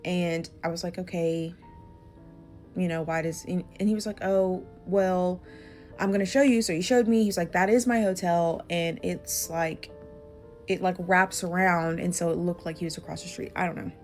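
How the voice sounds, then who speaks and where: A woman's voice: on the low side, fairly even intonation, moderate pace, a little mellow, faint music behind. A woman telling a casual storytime, chatty and full of fillers and quoted dialogue.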